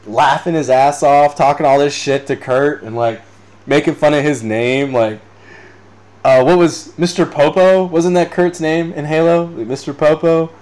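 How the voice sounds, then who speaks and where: A man's voice: a little high, measured pace, a little mellow. Rambling, profane young man. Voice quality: rambling, profane, laughs often. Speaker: podcast host. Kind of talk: unscripted casual chat reading live comments.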